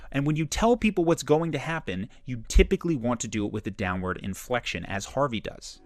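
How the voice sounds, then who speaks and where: A man's voice: mid-range voice, fairly quick, hardly any pauses. A man narrating a self-improvement video in a scripted, analytical, explanatory way. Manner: explanatory, analytical, lively inflection.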